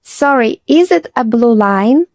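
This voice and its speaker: A woman, a teacher narrating a slow scripted lesson and repeating phrases for learners. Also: on the high side, expressive, darkish tone, no room sound. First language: Russian. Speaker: Russian teacher.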